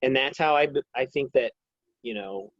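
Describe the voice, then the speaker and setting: Halting man with a dull, dry sound. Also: mid-range voice, no echo. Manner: halting, reflective opinions. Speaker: co-host. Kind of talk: casual episode review chat.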